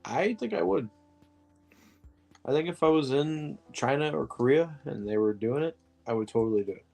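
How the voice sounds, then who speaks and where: A man's voice: a little high, animated, moderate pace, gravelly, darkish tone, faint music behind. A man co-hosting a film podcast in casual chat, joking and swearing freely, and often laughing. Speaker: podcast co-host.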